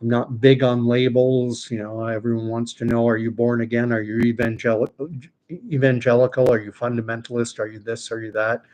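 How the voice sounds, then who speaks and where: Canadian male channel host, mid-pitched, chatty and digressive, casual live-stream delivery. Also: darkish tone. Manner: rambling, chatty, many fillers and asides. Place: home, talking to his dog.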